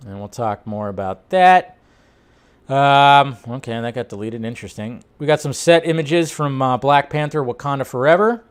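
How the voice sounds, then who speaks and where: A man's voice: medium pitch, moderate pace, clear, resonant tone. A man hosting a casual film news show, chatting loosely and breaking into bursts of disbelief. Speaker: host.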